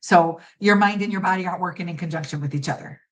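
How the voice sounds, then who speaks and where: A woman's voice: on the low side, fast talker, rough recording. Middle-aged woman, pageant judge; confident, emphatic interview talk, acts out quotes. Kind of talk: conversational interview answers.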